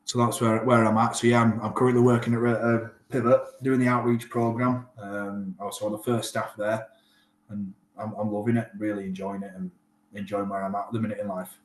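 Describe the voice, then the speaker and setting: A man in his thirties tells stories in a casual interview, slipping into the voices of the people he quotes. His voice sits fairly low and stays flat in pitch. The room around him has a noticeable echo. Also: a little fast. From Northern England. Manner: animated storyteller, acts out quoted exchanges. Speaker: rugby player and guest. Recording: echoey room.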